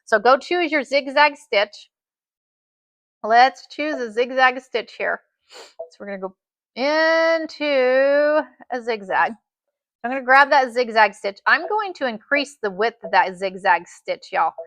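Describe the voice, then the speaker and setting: A woman's voice: on the high side, animated, a little slow, a bit bright, no echo. A woman teaching a live sewing tutorial, chatty and folksy, often saying "y'all.". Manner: chatty, says "y'all" a lot. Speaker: sewing instructor.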